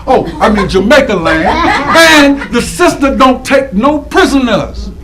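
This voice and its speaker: Lively audience shout-outs come from a high-voiced man paying tribute to community women, delivered in an animated, preacherly call-and-response style with names stretched out. It was captured in a low-quality recording.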